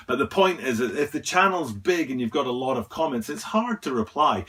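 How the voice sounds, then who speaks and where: A man talks through a casual screen-share tutorial for his channel, chatty and rambling, with self-mocking asides. His voice sits at an ordinary middle pitch. He sounds a little distant from the microphone. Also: a bit bright. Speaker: YouTube channel host.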